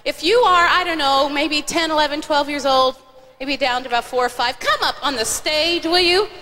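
A woman's voice: high voice, normal speed, bright, forceful tone, soft background music. A woman singer on stage at a live church concert, cheerfully coaching children through song actions over a stage microphone. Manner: cheerful, coaxing, directing children. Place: large church auditorium. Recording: long hall reverb, faint audience noise.

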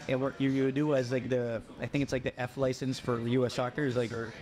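A young man from the Philippines, a podcast guest telling a personal story in a casual, animated way and acting out the voices of people he quotes. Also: mid-range voice, fast talker, soft background music.

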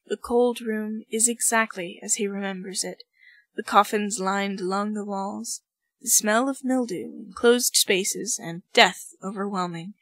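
A woman's voice: medium pitch, a bit bright, no room sound, poor audio. Woman reading fan fiction aloud, dry audio. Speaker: podfic reader.

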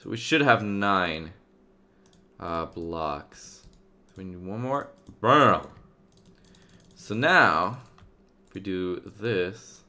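A man hosting a game video in casual let's-play commentary, thinking aloud with many fillers, going from loud upbeat asides to quiet muttering. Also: low voice, takes it slowly, pauses often. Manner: loud upbeat openings, then muttering to himself while searching. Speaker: gaming video host.

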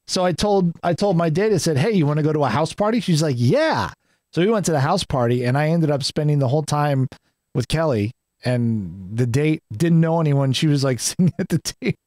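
A man's voice: a little high, fairly quick, darkish tone, dry recording. A man telling a long personal story in casual podcast conversation, rambling, swearing freely and restarting his sentences. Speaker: podcast guest.

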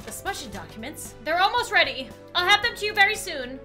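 A woman's voice: very animated, brisk, pushed and bright, soft background music, heavily acted. A woman voicing a timid young office worker in a game she reads aloud, meek and pleading. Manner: meek, pleading, high-strung. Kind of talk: game dialogue read aloud.

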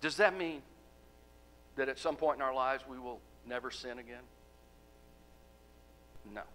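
A man preaching a sermon as pastor, asking the congregation rhetorical questions and letting key words fall soft. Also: medium pitch, unhurried, a little hiss or hum, rough recording. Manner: emphatic, rhetorical questions, drops to soft endings.

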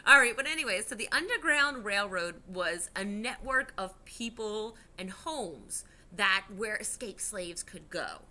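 A woman's voice: mid-range voice, expressive, a little slow, few pauses, sharp tone. A woman, a teacher giving a chatty history lesson to children from home, with many fillers and restarts.

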